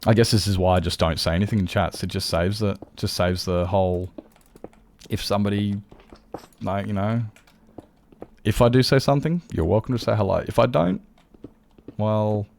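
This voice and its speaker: A man's voice: on the low side, moderate pace, gravelly, pauses often, a little mellow, a little hiss or hum. A male livestreamer in casual chat with viewers, rambling and candid, swearing freely as he talks.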